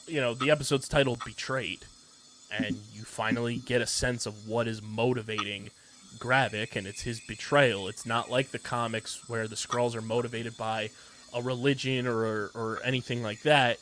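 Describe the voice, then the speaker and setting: A man's voice: mid-range voice, fairly bright tone, slight background noise. A male podcast co-host talking casually and enthusiastically, rambling with lots of filler words as he recaps a TV episode. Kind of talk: casual pop-culture podcast chat.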